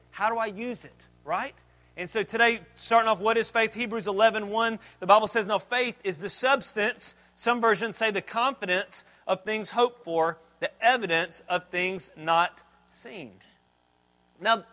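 High bright-voiced male pastor preaching. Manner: conversational preaching, frequent restarts, quotes scripture. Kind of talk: sermon. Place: church sanctuary.

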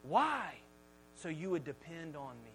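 A man voicing God as a patient, commanding father figure, slow and emphatic. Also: on the high side, very animated, sharp tone, a little hiss or hum, exaggerated voice. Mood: tender.

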